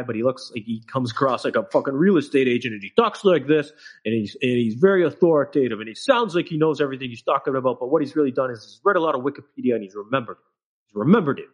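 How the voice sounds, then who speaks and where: A man with a mid-range, slightly rough voice co-hosts a casual podcast chat, ranting emphatic, profane opinions and using frequent filler words.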